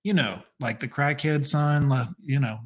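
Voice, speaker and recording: A man's voice: medium pitch, normal speed. A man hosting a reaction video, making sarcastic, mocking asides in casual, profane commentary.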